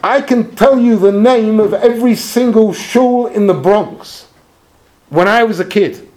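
A man voicing a frail ninety-year-old rabbi who talks in a soft, slow, low murmur. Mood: reflective.

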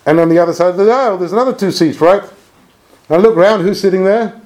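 A man telling a personal anecdote in an animated, expressive way. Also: quick pace. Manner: animated, expressive storytelling with swings in pitch. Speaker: speaker telling a personal story. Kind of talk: anecdotal storytelling talk.

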